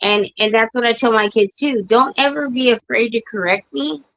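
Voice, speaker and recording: A woman's voice: on the high side, normal speed, vocal fry, fairly bright tone. A middle-aged mother speaking in a mid-range voice over a video call with dull, lo-fi audio. She tells blunt family stories and acts out the quotes. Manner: frank storytelling, acts out quotes. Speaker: guest, mother. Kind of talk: casual chat.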